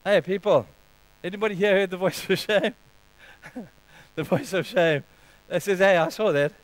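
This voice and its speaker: A man preaching a sermon, telling stories in an earnest, animated way. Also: sits high, a little slow, no echo, rough recording. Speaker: pastor.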